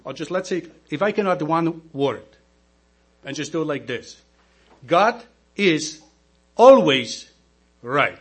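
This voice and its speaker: Male deacon, non-native English speaker, slightly raised pitch, slow emphatic sermon over a mains hum. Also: husky. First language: not English. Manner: slow, emphatic preaching with rhetorical questions to the congregation.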